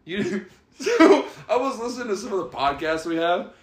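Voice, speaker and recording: A man's voice: high-pitched, sing-song, normal speed, reverberant. A man with a Texas accent hosting a podcast, profane, teasing and laughing a lot in rowdy casual chat. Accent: Texas Southern US. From Texas, USA.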